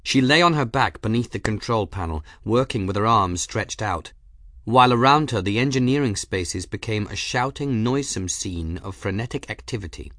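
A man narrating an audiobook chapter in a measured, dramatic storytelling manner, close to the mic. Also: fairly low pitch, expressive, a bit bright, no echo. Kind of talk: scripted narration.

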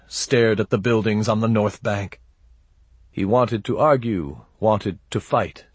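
Slow, husky male audiobook narrator. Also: on the low side, no room sound. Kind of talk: scripted narration.

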